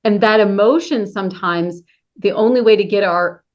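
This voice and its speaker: A woman's voice: medium pitch, moderate pace, a little mellow. A woman hosting a casual conversation, speaking candidly and personally and laughing easily. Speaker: host. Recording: dull lo-fi sound.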